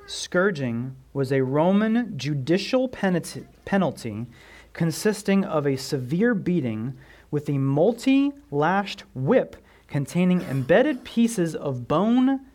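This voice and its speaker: Male pastor, sermon, slow measured delivery, emphatic with hushed drops. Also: fairly high pitch, sing-song. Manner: emphatic preaching, swinging from loud stress to near whisper; addresses congregation with questions.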